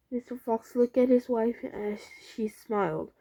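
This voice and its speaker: Woman reading a children's story, unhurried, slightly high voice, stumbles now and then. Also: mellow. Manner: slow, careful reading with slips and restarts. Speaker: reader. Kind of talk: reading a children's book aloud.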